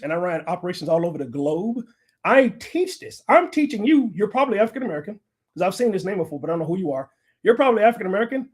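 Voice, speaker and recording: A middle-aged man hosts a livestream and lectures his viewers in a combative, profane tone. His voice sits fairly high for a man. He argues hard and curses freely. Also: breathy edge. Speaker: livestream host. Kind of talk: ranting livestream commentary.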